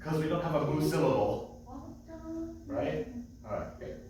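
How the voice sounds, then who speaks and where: A male cantor teaching a class, explaining details patiently and chanting short phrases slowly. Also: on the high side, animated, dark tone, a little hiss or hum. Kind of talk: class teaching with sung examples. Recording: echoey distant room mic.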